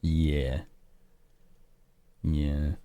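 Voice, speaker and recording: Male game streamer, deep voice, casual and chatty with viewers. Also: flat delivery, very slow, dark tone, no room sound. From Chicago, US. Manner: casual, chatty, laughing with chat. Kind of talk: live-stream game commentary.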